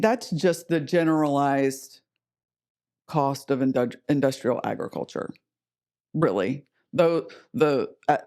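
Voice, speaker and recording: A man's voice: a little high, darkish tone. A man co-hosting a podcast in casual conversation, asking puzzled questions. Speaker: podcast co-host.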